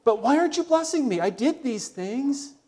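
A man's voice: very high-pitched, lively intonation, normal speed, darkish tone, voice pushed up. A man voicing a self-pitying churchgoer who whines and justifies himself. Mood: whiny. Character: self-pitying male churchgoer, whiny and entitled.

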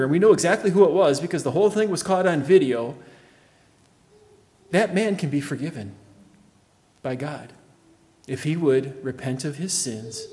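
A man preaching a sermon as pastor, emphatic, swinging from loud declarations to quiet, low phrases. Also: in a large hall.

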